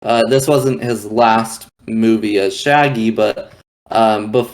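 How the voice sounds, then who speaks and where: A man's voice: lowish voice, steady tone, slow pace. A man co-hosting a casual film review chat, hesitant, with many "um"s and "uh"s. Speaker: podcast co-host reviewing a film.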